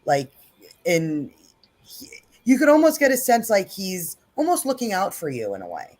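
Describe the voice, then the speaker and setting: A woman narrating as game master for a tabletop game, chatty and quick to laugh. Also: mid-range voice, wildly swooping pitch, darkish tone. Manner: chatty, laughing, voices characters loosely.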